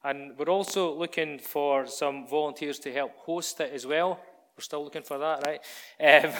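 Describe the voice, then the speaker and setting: A man's voice: medium pitch, fairly bright tone. A man preaching to a church congregation, giving announcements and starting a sermon in a chatty, direct way. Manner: conversational, addresses the congregation directly.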